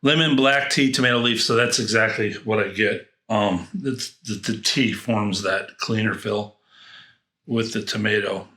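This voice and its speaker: A man's voice: lowish voice, steady tone, a little slow, bright, forceful tone, reverberant. A man reviewing fragrances in a casual unboxing, rambling and thinking aloud with frequent restarts.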